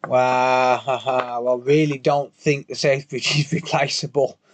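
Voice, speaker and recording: A man's voice: medium pitch, fairly even intonation, a little slow. A man chatting casually on a live repair stream, joking, swearing and answering his chat as he works.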